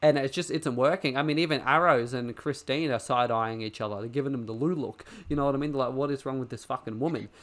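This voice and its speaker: Podcast co-host: man, casual, sweary, animated rants. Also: medium pitch, quick pace, few pauses. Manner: swears a lot, ranting and animated. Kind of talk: casual chat.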